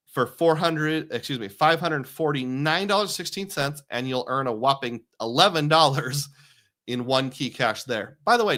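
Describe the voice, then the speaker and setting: A man's voice: a little high, fairly bright tone. A man hosting a casual live stream, rambling as he reads viewer comments aloud and jokes along with them.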